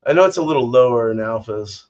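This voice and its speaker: A man's voice: mid-range voice, animated, fast, a little mellow. A man hosting a homebrewing livestream, chatting casually in a rambling, profane way. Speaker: homebrewing channel host. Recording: distant, dull lo-fi mic.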